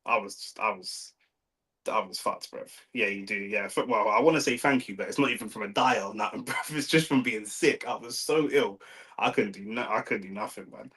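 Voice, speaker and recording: A man's voice: lowish voice, brisk, pushed and bright, low-quality recording. A young man with a London accent, hosting a live fight watch-along and chatting casually with slang. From London, England. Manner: slangy, laid-back, swears, reads chat aloud. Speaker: livestream host.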